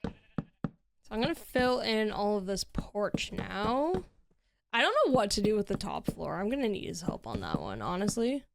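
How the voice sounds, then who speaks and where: A woman's voice: medium pitch, sing-song, moderate pace, vocal fry. A woman streaming and chatting casually while she builds in a game, laughing often.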